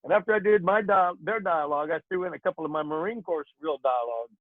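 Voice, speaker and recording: A man's voice: a little high, fast talker, no room sound. An older man, an actor and comedian, telling jokey stories in a casual interview and slipping into put-on voices, over a tinny phone-like line.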